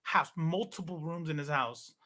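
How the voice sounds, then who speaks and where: A man in his thirties telling stories in a casual chat, animated, swearing and acting out what people said. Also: a little high, normal speed. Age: 30s. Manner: animated, swearing, acts out quoted dialogue. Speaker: podcast guest.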